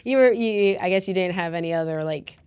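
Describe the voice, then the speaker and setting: A woman's voice: fairly low pitch, fast talker, darkish tone, clear, resonant tone. A woman co-hosting a podcast, agreeable and teasing, laughing often. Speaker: podcast co-host. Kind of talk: casual podcast chat.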